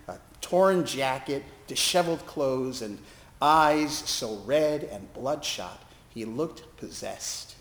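A man's voice: a little high, roomy sound. A man, a chaplain, telling a personal story as a monologue with wry, self-deprecating humor. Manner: self-deprecating, wry, lively delivery with laughs.

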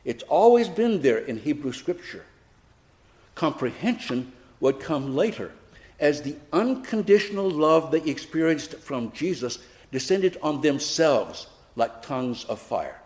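A man delivering a sermon at a slow, deliberate pace. His slightly high voice rises and falls a great deal as he tells a personal story. His manner is reflective, with touches of gentle humor. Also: big pitch swings. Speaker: preacher.

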